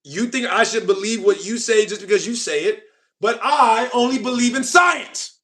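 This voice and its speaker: Young male livestream host; high, bright voice; mocking, ranty casual chat. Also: moderate pace.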